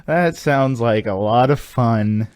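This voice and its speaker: A man's voice: medium pitch, slow pace, darkish tone, dry recording, clean studio sound. A young man co-hosting a podcast in easygoing casual chat, loose and hesitant with "uh.". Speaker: podcast co-host.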